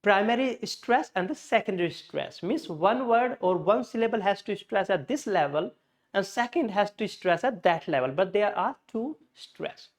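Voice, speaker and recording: A man's voice: sits high, expressive, normal speed. A man with an Indian English accent teaching a pronunciation lesson, explaining patiently and often correcting himself mid-sentence.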